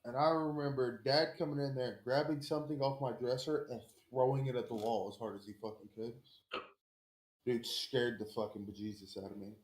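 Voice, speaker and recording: A man's voice: medium pitch, fairly even intonation, fairly quick. A man in easygoing podcast chat who jumps in with blunt, cursing anecdotes. The room around him sounds echoey and live. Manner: blunt, profane, chiming in with short stories. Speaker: podcast co-host. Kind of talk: casual chat.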